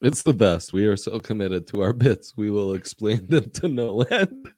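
A man's voice: fairly low pitch, very animated, moderate pace, a little mellow, dry recording. A man co-hosting a casual sports podcast, bantering playfully and laughing often. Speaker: podcast co-host.

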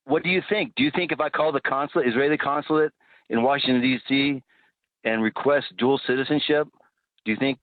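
A man calling in to a radio show, speaking in an earnest, deliberate way with deadpan sarcasm. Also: mid-range voice, dry recording. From United States. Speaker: caller. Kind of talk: phone-in call. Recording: tinny phone line.

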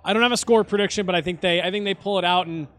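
High-voiced man hosting a sports podcast. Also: very fast, a bit bright. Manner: rambling, laughs often, restarts. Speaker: podcast host. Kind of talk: casual sports chat.

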